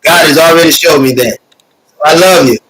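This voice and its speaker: Hosting a live stream, an emotional man reads viewer comments and speaks to his audience in an earnest, repetitive, preacher-like rhythm packed with fillers. His voice is a little high, fairly bright and slightly rough, delivered briskly, with no room sound in a rough recording.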